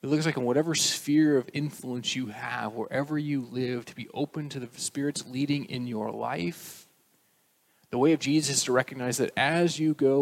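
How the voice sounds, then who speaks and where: A male pastor preaching a sermon, emphatic and rising on key phrases, with casual asides to the congregation. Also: mid-range voice.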